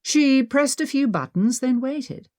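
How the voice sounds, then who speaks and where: A woman narrating a mystery audiobook with expressive storytelling. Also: high-pitched, unhurried, no room sound, studio quality. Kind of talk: scripted narration.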